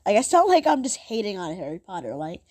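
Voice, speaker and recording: A woman's voice: mid-range voice, very animated, fast, warm tone, no room sound, studio quality. A woman hosting a podcast in a casual, self-mocking, rambling way. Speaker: podcast host.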